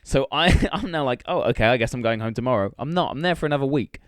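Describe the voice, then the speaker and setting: A young man tells a story at a fast clip on a podcast, swearing freely and acting out each line of dialogue. His voice sits at an ordinary pitch and is recorded close and dry, with no room sound. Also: expressive, no echo. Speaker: podcast co-host. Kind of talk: casual chat, storytelling.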